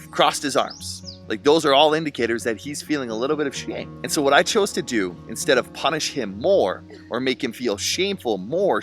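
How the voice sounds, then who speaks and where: Earnest man musing on parenthood, lively pitch. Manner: earnest, reflective, spiritual self-help tone. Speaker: single dad vlogger. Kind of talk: reflective personal vlog monologue.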